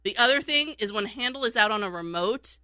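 A woman's voice: fairly high pitch, lively intonation, a little fast, pushed and bright, no echo. A woman telling a casual story in a chat, laughing often and acting out what people said. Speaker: radio show regular, former call screener.

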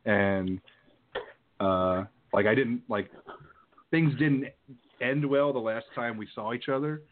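A man's voice: medium pitch, takes it slowly. A young man co-hosting a podcast, talking in a laid-back, dry way in casual chat. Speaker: podcast co-host. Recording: tinny phone line with faint hiss.

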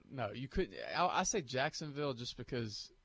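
A man's voice: mid-range voice, fairly bright tone, slightly rough, no room sound. A man co-hosting a morning sports radio show in casual, joking talk.

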